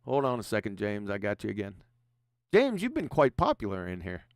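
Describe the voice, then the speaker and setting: A man's voice: lowish voice, wildly swooping pitch, a little fast, dry recording, clean studio sound. A man hosting a livestream, mocking his opponent with profanity and reading super chats aloud with frequent laughs. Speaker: livestream host.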